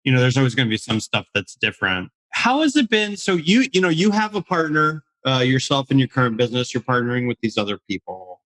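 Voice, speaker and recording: A man's voice: mid-range voice, big pitch swings, fast, few pauses, a bit bright. A man hosting a casual podcast interview, asking long, rambling questions packed with fillers. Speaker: podcast host.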